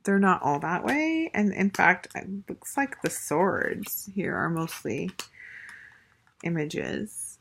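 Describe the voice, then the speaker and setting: A woman's voice: lowish voice, very animated, slow, gravelly, a little hiss or hum. A woman casually reviewing a tarot deck, gushing and chatty, with lots of fillers and restarts. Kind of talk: casual show-and-tell review.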